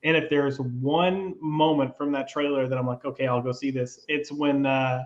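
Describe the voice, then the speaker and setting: A man co-hosting a podcast in relaxed casual chat, often agreeing and using fillers. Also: mid-range voice, moderate pace, echoey room, highs cut off. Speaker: podcast co-host.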